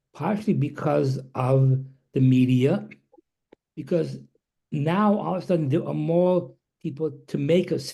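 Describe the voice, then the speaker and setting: A man speaking thoughtfully and in a measured way in a group discussion, on a video call. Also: a little high, gravelly, warm tone, slightly rough. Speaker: discussion participant.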